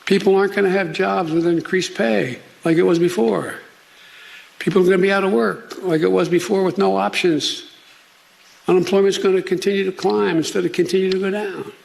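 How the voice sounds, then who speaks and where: A male politician speaks at a press conference in halting stretches and keeps restarting his phrases. His voice is gravelly and pitched fairly high. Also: fairly even intonation.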